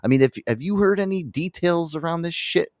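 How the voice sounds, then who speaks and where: A man's voice: fairly high pitch, a little fast, dry recording, studio quality. A man with a New York accent hosting a casual podcast chat, swearing freely and laughing often. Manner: profane, animated, laughs often. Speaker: podcast host.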